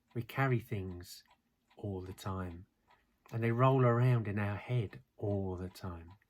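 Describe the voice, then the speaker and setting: A man teaching a mindfulness lesson in a calm, gentle, measured way. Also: fairly low pitch.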